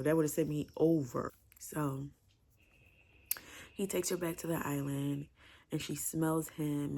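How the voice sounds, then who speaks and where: A woman's voice: sits low, vocal fry, mellow. A woman giving a chatty, emotional book review, repeating herself as she gushes about the story. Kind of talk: casual book review vlog.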